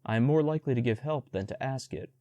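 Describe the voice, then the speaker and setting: A man's voice: mid-range voice, expressive, quick pace, dark tone, no echo, close to an everyday voice. Bagheera, a man doing a wry, proud black panther. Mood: mocking. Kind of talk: storybook audiobook reading.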